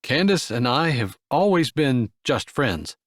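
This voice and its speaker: A shy young cowboy , voiced by the narrator himself, speaks in a low, hesitant way at a medium pitch. Read close and dry, like a storybook romance. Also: male voice, very animated, unhurried, no room sound. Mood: awkward.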